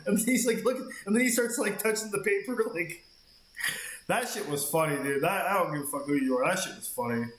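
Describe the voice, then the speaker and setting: A man's voice: high-pitched, brisk, fairly bright tone, echoey room, a little hiss or hum. A man streaming a game, telling a long rambling story in casual chat and swearing freely. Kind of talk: casual chat while gaming.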